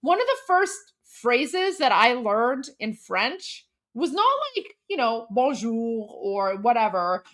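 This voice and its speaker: A young woman, telling a story in a casual livestream chat, animated and filler-heavy. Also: on the high side, slow, few pauses. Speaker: livestream host.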